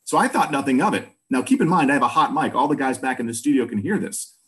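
A man's voice: medium pitch, fast. A man in his fifties from Boston, a former news broadcaster, telling stories in a casual interview and acting out other people's voices. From Boston, USA. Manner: animated storyteller who acts out other people's voices.

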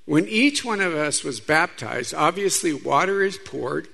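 A priest preaches to a gathering of women in a chatty, storytelling way and turns to the audience often. His voice sits a little high for a man and has a gravelly, creaky edge. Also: lively intonation, measured pace, few pauses, fairly bright tone. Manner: conversational preaching with stories and asides to the audience. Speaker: Catholic priest. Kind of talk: sermon.

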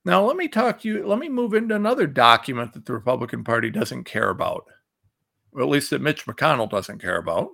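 A man's voice: mid-range voice, big pitch swings, fairly quick, gravelly, bright, forceful tone. A man hosting a political commentary show, ranting angrily and reading out quotes between insults. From Ohio. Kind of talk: fired-up political commentary monologue.

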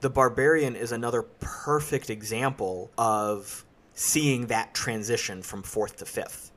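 A man hosts a relaxed podcast chat about tabletop games. His voice sits in the middle of the male range. He explains his points in a steady, analytical manner. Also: mid-range voice, measured pace. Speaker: podcast host. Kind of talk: casual podcast discussion.

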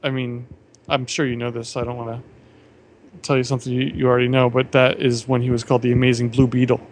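A man's voice: mid-range voice, flat delivery, fast, slight background noise. A man co-hosting a casual podcast chat about comics, talking in a laid-back, slightly hesitant way with dry jokes. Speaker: podcast co-host.

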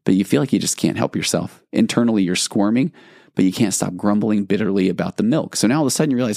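A man with a low, gravelly voice talks through ideas on his solo podcast. He is reflective and casual, now and then voicing his own inner thoughts as examples. The sound is close and dry. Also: quick pace, warm tone, no room sound. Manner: reflective, explains with acted-out inner dialogue. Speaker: podcast host.

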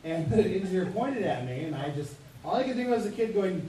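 A male voice actor telling an animated, laughing story on a convention panel. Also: high-pitched, a little fast, a little hiss or hum. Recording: echoey hall, distant mic.

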